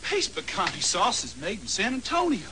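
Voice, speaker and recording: An actor playing an indignant cowboy in a TV commercial, loud and drawling, with noisy old ad audio. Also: male voice, high-pitched, huge pitch swings, fairly quick. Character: indignant grown male cowboy at a chuckwagon camp. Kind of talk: TV commercial acting.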